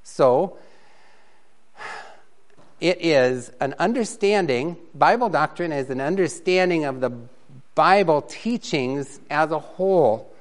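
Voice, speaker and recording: A man teaching a Bible doctrine class in a relaxed, conversational way, often chuckling. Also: fairly high pitch, slow, long pauses. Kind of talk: classroom lecture.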